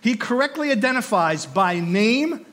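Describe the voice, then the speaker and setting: A man preaching a sermon, teaching from a study book with animated storytelling and frequent rhetorical questions. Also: very high voice, measured pace. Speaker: pastor or teacher.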